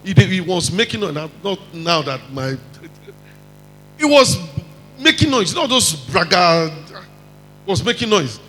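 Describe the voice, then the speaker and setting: A man with a Nigerian accent preaching a lively sermon, acting out quotes and mixing in pidgin. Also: high-pitched, takes it slowly, long pauses, in a large hall, a little hiss or hum, low-quality recording. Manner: animated, mixes in pidgin, acts out quotes.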